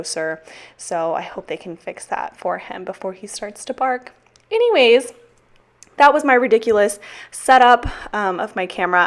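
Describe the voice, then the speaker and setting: Chatty, swearing young woman. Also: mid-range voice. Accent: Texan. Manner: chatty, profane, self-mocking. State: out of breath. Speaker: planner vlogger. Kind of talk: casual voiceover.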